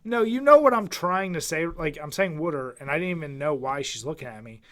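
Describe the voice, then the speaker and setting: Young Philly man, podcast co-host, fairly high voice, laughing teasing banter. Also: animated, fairly quick, a bit bright. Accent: Philadelphia. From Philadelphia. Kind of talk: casual chat.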